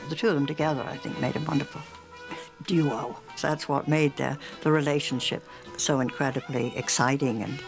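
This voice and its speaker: Older woman with a low, gravelly voice. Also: steady tone, fairly quick, music in the background. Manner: chatty, amused storytelling. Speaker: interviewee. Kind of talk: reminiscing interview.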